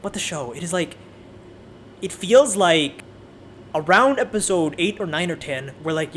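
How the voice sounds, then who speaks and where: A man giving a casual, animated and profane ranting review, often restarting his sentences. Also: high voice, normal speed, a little hiss or hum. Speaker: anime video creator.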